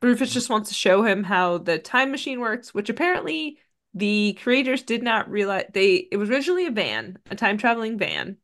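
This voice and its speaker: A woman with a middle-pitched voice that swings up and down as she talks. She co-hosts a casual podcast and walks through a film plot from her notes, chatty and full of ums. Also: big pitch swings, a little fast, a bit bright. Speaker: podcast co-host.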